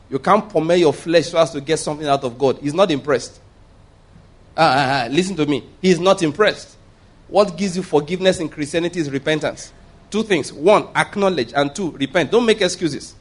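A man's voice: a little high, moderate pace. A man preaching a sermon, emphatic and repeating his points, asking the congregation rhetorical questions. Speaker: pastor.

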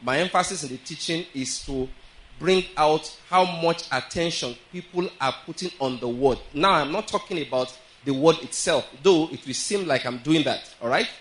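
Slightly high-voiced male preacher. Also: a bit bright, low-quality recording. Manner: checks in often with the listeners; reads scripture aloud slowly with stress. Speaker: pastor. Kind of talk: sermon.

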